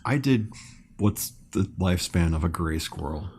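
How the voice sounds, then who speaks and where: A man's voice: sits low, animated, normal speed, darkish tone, slight background noise. A man co-hosting a book podcast, joking around in casual chat. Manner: playful, jokey. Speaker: podcast co-host.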